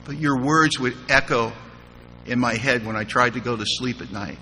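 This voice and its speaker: A man telling his personal recovery story to a live audience, humorous and animated, with quoted dialogue. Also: mid-range voice, normal speed, a little hiss or hum. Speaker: recovery meeting speaker. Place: large conference hall. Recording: live hall recording with reverb.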